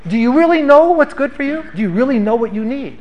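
High-voiced man preaching a sermon. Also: lively intonation, quick pace, a little mellow, poor audio. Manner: conversational, earnest, with frequent restarts and rhetorical questions. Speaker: pastor.

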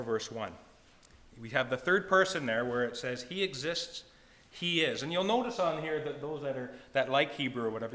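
Guy preaching a bible word study, bright tone, slows way down for the verses, big echoey hall. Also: mid-range voice. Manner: slows down and lifts his voice to read scripture. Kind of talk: sermon with Hebrew word study.

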